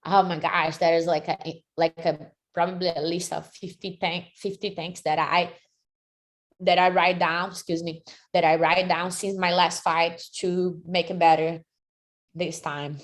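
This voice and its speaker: Energetic woman in her thirties. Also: fairly low pitch, measured pace. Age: 30s. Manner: energetic, frequent "like" fillers, second-language phrasing. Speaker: MMA fighter and jiu-jitsu athlete. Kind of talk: interview answers.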